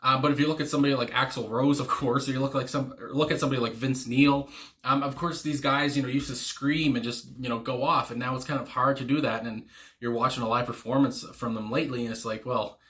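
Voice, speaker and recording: A man chats casually through a music reaction, rambling and restarting his sentences, with lots of fillers and small chuckles. His voice sits at an ordinary pitch for a man, with a bright, forceful edge. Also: steady tone, quick pace. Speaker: music reaction channel host.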